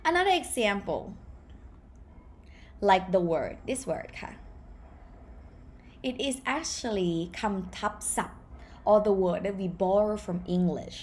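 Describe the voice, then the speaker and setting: A young adult woman with a Thai accent, teaching a language lesson in a lively way and repeating example words slowly. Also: medium pitch.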